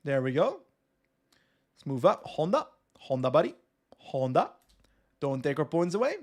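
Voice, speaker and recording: A young streamer from West Flanders, Belgium, whose first language is West Flemish Dutch, casually commentates live on a cycling game with a Flemish accent. His voice is on the high side and sing-song at a normal speed, and he chats by reading his chat aloud and replying.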